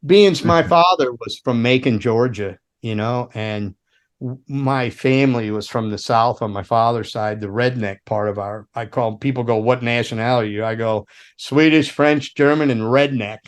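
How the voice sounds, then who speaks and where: In a medium-pitched voice at normal speed, this middle-aged former roadie from the US swaps casual stories on a podcast. His tales from the road wander and swear freely, and he performs the voices of whoever he's quoting.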